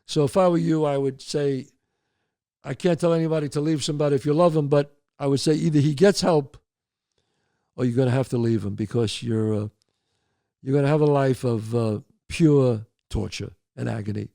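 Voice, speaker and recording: Here is a gravelly male voice of medium pitch at a moderate pace, with clean studio sound and no room tone. As host of a show, he shares neighborhood stories and advice, calling listeners folks and throwing in emphatic asides with an animated storyteller's flair.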